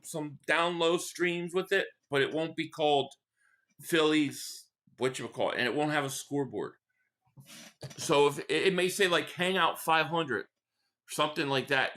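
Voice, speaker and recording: Blunt, bright-voiced sports streamer man. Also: fairly high pitch. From Philadelphia area. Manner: rambling, blunt fan opinions, reads chat aloud. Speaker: live streamer. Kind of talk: casual live game-watch reaction.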